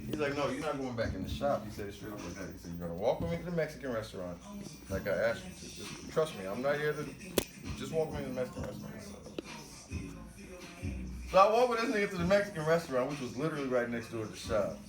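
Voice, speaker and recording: Dude telling a wild story on a podcast, quick talker, acts out every voice, music in the back. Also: male voice, medium pitch, very animated. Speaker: podcast guest. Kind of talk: storytelling in casual chat.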